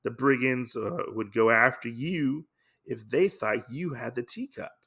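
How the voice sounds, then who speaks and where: A man's voice: medium pitch, measured pace, fairly bright tone, slightly rough. A man voicing a sly, easygoing male bounty hunter in a casual comic retelling, breezy and teasing.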